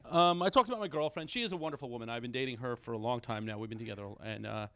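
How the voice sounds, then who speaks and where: A middle-aged man doing a stand-up comedy set, self-deprecating, with quick punchlines and short bits where he acts out his kids. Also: medium pitch, pushed and bright, clean tone, dry recording. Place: small comedy stage with a live audience.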